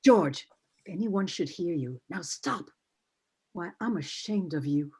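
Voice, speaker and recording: A woman's voice: on the low side, expressive, a little slow, darkish tone, breathy edge, exaggerated voice. A woman playing a fretful mother of the groom who scolds and worries, over dull video-call audio. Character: fussing middle-aged mother of the groom.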